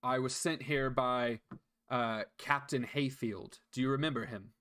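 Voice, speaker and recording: A man's voice: mid-range voice, fairly even intonation, unhurried, pushed and bright, clean tone. A man voicing a polite male tiefling guard sergeant in his mid-thirties in a tabletop game.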